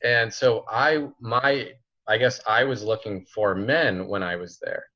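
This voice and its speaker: Bright-voiced young man, chatty. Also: lowish voice, measured pace. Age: 20s. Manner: chatty, relaxed, leans on fillers like "like" and "you know". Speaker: podcast guest. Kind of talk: casual storytelling chat. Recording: slightly muffled lo-fi recording.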